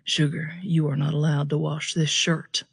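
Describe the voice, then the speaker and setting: Woman voicing a calm, protective young man. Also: sits low, moderate pace, creaky, breathy edge, no room sound, studio quality, full character voice. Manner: laconic drawl, gentle.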